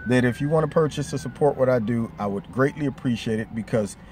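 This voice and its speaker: A man's voice: medium pitch, quick pace, a little mellow, a little hiss or hum. A man giving his opinion in a vlog, conversational and emphatic. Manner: conversational, emphatic, slips into quoted voices. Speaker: vlogger. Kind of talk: opinion commentary.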